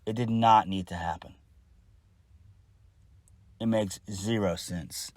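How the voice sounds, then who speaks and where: Blunt, exasperated man with a low voice. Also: fairly even intonation, slow, darkish tone, no room sound. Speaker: wrestling reviewer. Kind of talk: casual solo review.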